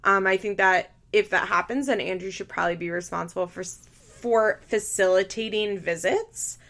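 A woman's voice: medium pitch, steady tone, normal speed, fairly bright tone. A woman hosting a podcast, chatting casually and bluntly with lots of "like" fillers as she recaps a reality show. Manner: blunt, opinionated, heavy use of "like" fillers. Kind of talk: casual chat.

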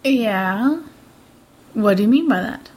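A woman's voice: a little high, animated, darkish tone, slightly rough. A woman co-hosting a casual film review chat, teasing and laughing often. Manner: giggly, teasing, quick to question. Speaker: film review podcast co-host.

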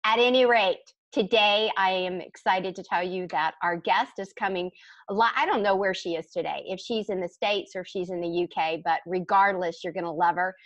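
Excitable woman hosting an interview. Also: lowish voice, moderate pace, no room sound, highs cut off. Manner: effusive, excitable. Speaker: podcast host. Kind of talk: casual interview chat.

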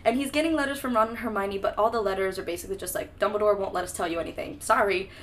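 A woman's voice: mid-range voice, racing, fairly bright tone, slight background noise. A young woman co-hosting a casual book-discussion podcast, breezy and sarcastic, swearing freely as she recaps. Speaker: podcast co-host.

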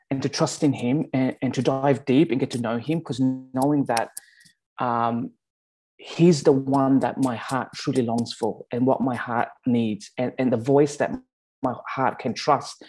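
A man with an Australian accent giving a conversational sermon, often pausing to check in with his listeners. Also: medium pitch, warm tone. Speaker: pastor.

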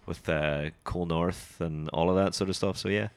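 A man, co-hosting a casual comics chat, talking in halting bursts with many restarts. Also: low-pitched, fairly even intonation, clean tone, dry recording. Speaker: podcast co-host.

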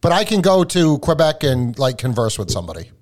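A man's voice: on the high side, sing-song, brisk. A man from New England hosting a podcast in casual chat, stammering through restarts and joking. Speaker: podcast host.

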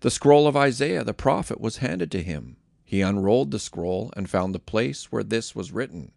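A man reading scripture aloud in a measured, expressive way, then giving a casual devotional comment on a close mic. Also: lowish voice, gravelly, no echo. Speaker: Bible reader and podcast host.

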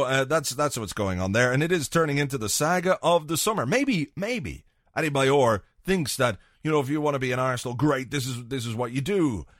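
A man's voice: mid-range voice, no echo, studio quality. A man hosting a football podcast, talking casually and with lots of swearing, slipping into voices to act out his points. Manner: sweary, animated, acts out voices for comic effect. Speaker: podcast host.

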